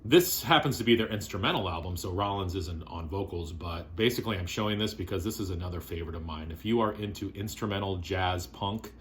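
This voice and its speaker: A man vlogging casually about his favorite records, relaxed and rambling with lots of fillers. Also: low voice, fairly quick, few pauses, slight background noise. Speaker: vinyl collector vlogger.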